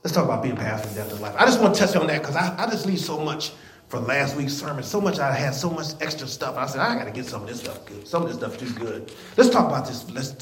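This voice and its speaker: A man's voice: high-pitched, a bit bright, reverberant. A man preaching a sermon to his church, folksy and emphatic, drawing the congregation in. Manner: folksy, emphatic preaching with call-and-response and chuckles. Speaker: pastor. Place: church sanctuary.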